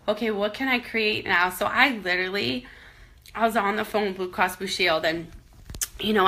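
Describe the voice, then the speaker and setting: A woman's voice: medium pitch, bright, forceful tone. A woman in her thirties vlogging about money worries, tearful and rambling but candid, talking herself back into encouragement. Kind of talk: emotional personal vlog.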